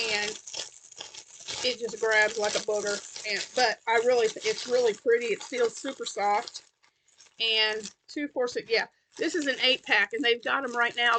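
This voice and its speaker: On her crochet vlog, a Tennessee woman chats casually and sounds tired, rambling with plenty of fillers and restarts. Her voice is on the high side, pushed and bright.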